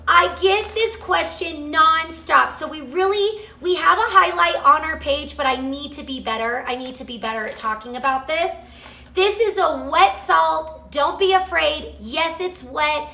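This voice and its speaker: A woman hosting a live cooking chat from her home kitchen, gushing excitedly and reading out viewer comments to her camera. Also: high-pitched, a little slow, gravelly, reverberant. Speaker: cooking show host selling products. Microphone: camera mic, moves off camera at times.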